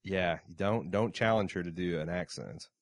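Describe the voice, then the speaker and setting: A man's voice: sits low, moderate pace, no room sound, clean studio sound. Man joking through a TV show chat. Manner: jokey, reads listener mail aloud. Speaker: podcast co-host. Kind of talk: casual chat.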